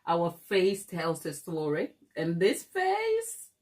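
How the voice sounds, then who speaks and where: A woman's voice: lowish voice, wildly swooping pitch, takes it slowly, a little mellow. A middle-aged woman from Africa, hosting a baking channel, who chats casually with viewers, laughs often and calls them darling. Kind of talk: casual livestream chat with viewers.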